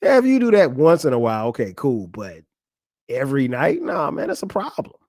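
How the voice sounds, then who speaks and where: Talking straight to a friend, this forties-aged podcaster offers candid, laugh-filled advice on marriage in a loose, conversational monologue. His mid-range, darkish voice swings widely in pitch at a brisk clip, in a dry, studio-quality recording.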